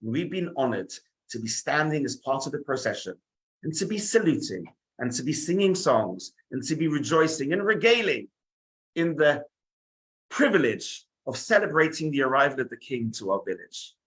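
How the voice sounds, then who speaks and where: A man's voice: mid-range voice, very animated, moderate pace, fairly bright tone, voice pushed up. A man voicing a strict school headmaster who makes a formal, warning announcement to pupils. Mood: stern.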